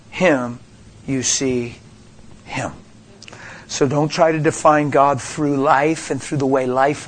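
A man preaching a sermon emphatically, asking rhetorical questions and calling out to the congregation. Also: medium pitch.

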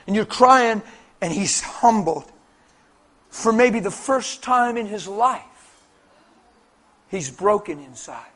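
Man preacher, very high voice, fervent testimony-style delivery, hushed to booming. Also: lively intonation, slow pace, long pauses. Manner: impassioned, swings between hushed and booming. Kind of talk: testimony-style sermon storytelling.

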